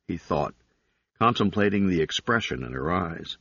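A man narrating an audiobook in a steady, even reading. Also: deep voice, moderate pace. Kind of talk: scripted narration. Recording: slightly dull recording.

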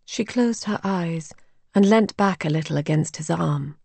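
A woman reads an audiobook in a calm, measured voice. Her delivery is slow and slightly breathy, recorded close and dry. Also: lowish voice, no room sound. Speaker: narrator. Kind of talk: audiobook narration.

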